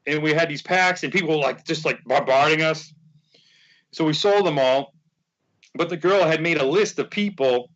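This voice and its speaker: A man's voice: a little high, dull audio. A man telling a long story in casual conversation, rambling and acting out what people said. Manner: rambling, animated, acts out quoted dialogue. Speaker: podcast guest, fan charity organizer.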